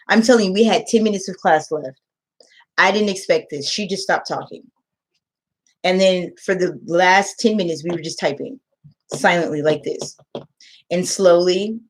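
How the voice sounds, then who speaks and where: A woman who tutors English online, telling a story to camera in casual chat and acting out the quotes. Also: on the low side. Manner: emotional storytelling, acts out quotes.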